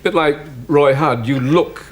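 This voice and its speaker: A man hosting a television chat show, genially bantering with his guest. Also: a little high. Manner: genial, bantering, quick to laugh. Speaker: talk show host. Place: television studio. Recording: hissy 1980s television broadcast.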